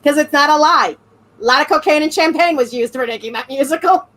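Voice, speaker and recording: A woman's voice: high-pitched, a little fast, a bit bright, poor audio. A woman co-hosting a casual online chat show over a video call, blunt and joking. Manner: blunt, joking, reads donations aloud. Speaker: co-host.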